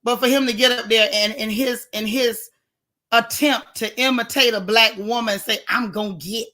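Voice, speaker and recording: Woman gossip host, fired-up sarcastic commentary, bright voice pitched a bit high, addressing the audience directly. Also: steady tone, normal speed. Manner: indignant, sarcastic, talks straight to viewers. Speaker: gossip vlogger. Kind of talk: casual commentary.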